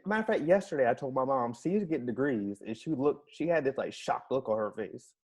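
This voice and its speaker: A young man co-hosting a podcast, teasing his friend in a dry, deadpan way. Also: mid-range voice, fast talker, breathy edge. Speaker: podcast co-host. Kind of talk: casual chat.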